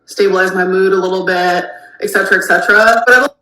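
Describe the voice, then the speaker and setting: A woman's voice: medium pitch, fairly even intonation, fast talker, pushed and bright. A woman vlogging casually to camera, rambling through everyday updates and product recommendations. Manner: chatty, rambling product talk. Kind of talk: casual vlog chat. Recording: roomy with faint noise.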